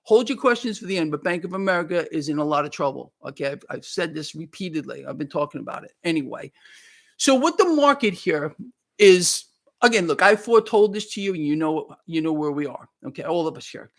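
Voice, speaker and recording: A man's voice: on the high side, lively intonation, fairly quick. A man hosting a livestream, ranting in a heated, worked-up way, repeating himself and thanking viewers by name. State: worked up and sweating. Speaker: market commentary livestream host.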